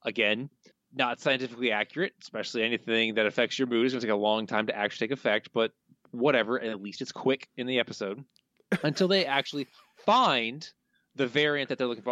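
A man's voice: mid-range voice, a little fast, pushed and bright, no echo. A man co-hosting a podcast, picking an episode apart in a dry, sardonic way. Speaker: podcast co-host. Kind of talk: casual podcast discussion. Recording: dull, lo-fi dry sound.

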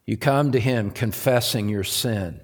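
Slow, impassioned male preacher. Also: fairly low pitch. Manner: impassioned preaching, rising to loud emphatic peaks; repeats phrases for emphasis. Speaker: pastor. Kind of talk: sermon.

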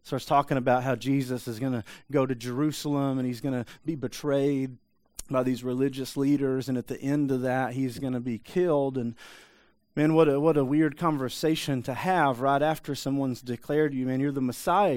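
A man's voice: medium pitch, steady tone, moderate pace, darkish tone, dry recording. A man preaching a sermon in a conversational way, often adding asides and checking in with the listeners. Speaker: pastor.

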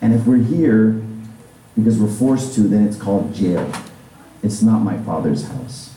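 A man's voice: on the low side, expressive, measured pace, warm tone, echoey room, recorded from a distance, a little hiss or hum, poor audio. A man preaching a sermon as a pastor, in a conversational style with frequent rhetorical asides to the congregation.

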